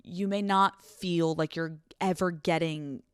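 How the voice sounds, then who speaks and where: Running on no sleep, this young podcast host gives advice bluntly and profanely, animatedly acting out scenes with voices for the people she quotes. Her lowish voice is clear and resonant, and she speaks slowly. The recording is dry and clean, studio quality.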